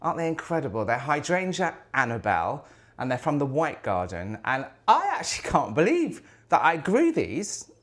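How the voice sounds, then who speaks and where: A man's voice: fairly high pitch, huge pitch swings, moderate pace, a bit bright. A man chatting casually to camera as a lifestyle vlogger, effusive and chatty, in the kitchen of an old house.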